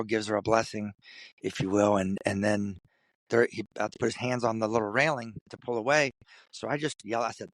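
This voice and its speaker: Man, from Kentucky, interview guest, animated storyteller, acts out voices, dry close sound. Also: medium pitch, no echo. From Kentucky, USA. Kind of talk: storytelling in conversation.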